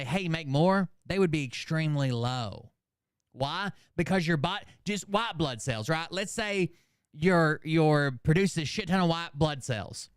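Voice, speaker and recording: A man talks through online drama in a loose, rambling, sarcastic way, swearing freely. His voice sits a bit high for a man and comes through smooth and resonant. The mic is close and dry. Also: no room sound. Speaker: commentary channel host. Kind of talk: casual reaction commentary.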